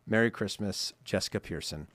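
A man's voice: lowish voice, brisk, fairly bright tone, no room sound. A man co-hosting a holiday podcast, reading listener cards aloud in a chatty way and laughing often. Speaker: podcast co-host. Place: studio. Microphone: studio microphone.

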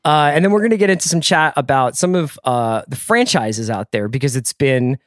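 A man's voice: medium pitch, animated, a little fast, dry recording. A man co-hosting a pop-culture podcast, chatting casually and jokily with plenty of filler words. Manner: jokey, rambling with filler words. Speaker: podcast co-host.

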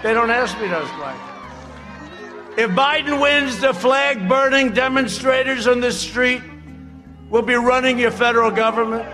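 A man giving a campaign rally speech, rambling and sarcastic, often shouting his points. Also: very high-pitched, normal speed, faint music behind. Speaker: political speaker at a rally. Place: large outdoor rally.

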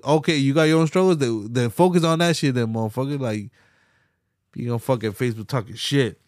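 A man's voice: mid-range voice, brisk, a little mellow, dry recording, studio quality. A man hosting his own podcast, ranting heatedly and profanely with rhetorical questions and mocking asides, with a Pittsburgh accent. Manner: mocking quoted voices of opponents. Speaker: podcast host. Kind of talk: solo podcast rant.

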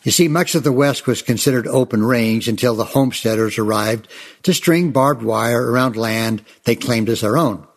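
A man's voice: mid-range voice, normal speed. A man telling Old West tales in a chatty, folksy way, often calling his listeners folks. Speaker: storyteller.

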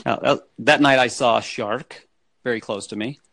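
Gravelly-voiced man telling stories casually. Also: medium pitch, moderate pace, a bit bright, no room sound. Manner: rambling, laughs often, restarts. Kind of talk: casual storytelling chat.

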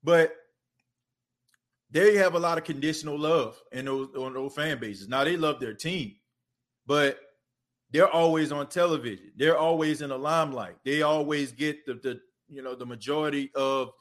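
A man's voice: fairly high pitch, normal speed. Chatty man hosting a sports podcast. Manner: loose and conversational, leaning on filler phrases. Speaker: podcast host. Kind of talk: casual sports podcast monologue.

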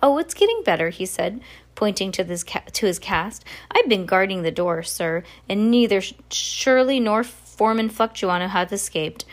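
A woman's voice: mid-range voice, very animated, moderate pace, close to an everyday voice. A woman voicing a cheerful young male mill worker who chats openly in a storybook reading.

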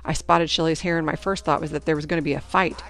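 A woman reading a first-person teen novel aloud in a lively storytelling manner. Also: low voice, quick pace. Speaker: audiobook narrator.

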